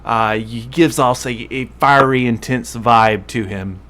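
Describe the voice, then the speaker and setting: Dm guy narrating a tabletop session, mid-pitched voice, lots of uhs and restarts. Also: measured pace, fairly bright tone. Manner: descriptive, with frequent fillers and self-corrections. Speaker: game master.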